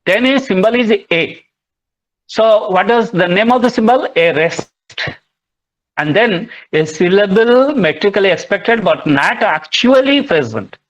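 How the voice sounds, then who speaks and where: A man giving a classroom lecture, explaining slowly and repeating words as he goes. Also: high voice, expressive. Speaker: literature lecturer. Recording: muffled lo-fi recording.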